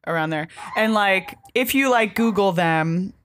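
A woman's voice: medium pitch, lively intonation, unhurried, a little hiss or hum. A young woman co-hosting a podcast, chatting casually and rambling with a lot of "like" fillers. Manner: rambling, heavy use of filler "like". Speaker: podcast co-host. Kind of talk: casual chat recapping a comic book.

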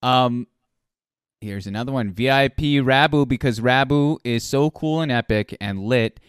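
A man's voice: medium pitch, measured pace, clean tone, no room sound, clean studio sound. Man, host, casual joking chat, reads questions aloud, resonant voice, deadened room. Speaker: podcast host interviewing a streamer.

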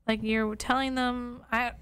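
Animated young woman podcast co-host. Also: on the high side, a little slow, clean tone, no echo. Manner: animated, self-mocking, reads her emails aloud. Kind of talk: casual chat.

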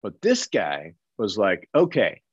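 Animated male actor telling stories. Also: on the low side, normal speed, no room sound. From Colorado. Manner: animated storyteller who acts out quoted people. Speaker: actor, podcast guest. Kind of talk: casual interview storytelling. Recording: slightly dull, dry recording.

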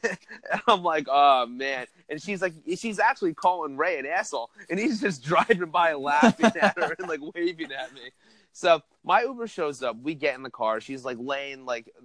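A man's voice: a little high, expressive, normal speed, fairly bright tone. A man telling a profane story on a comedy podcast, laughing through it.

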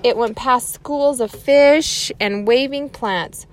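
A woman's voice: on the high side, slow pace. A woman reading a chapter book aloud to children, adding chatty asides to her young listeners.

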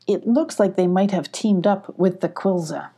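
A woman voicing an alert male bee scout in a storybook reading, giving a brisk report. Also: lowish voice, mellow.

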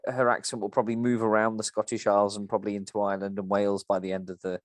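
A man's voice: lowish voice, flat delivery, racing, no echo. A man co-hosting a podcast, reading a script aloud and discussing it with a theatrical delivery.

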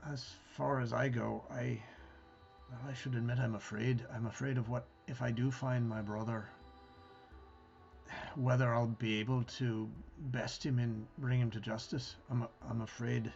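A man voicing a haunted male warrior, talking in an earnest, halting way. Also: mid-range voice, level tone, gravelly, darkish tone, lo-fi sound, soft background music. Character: Ruthos, a haunted male warrior hunting his brother.

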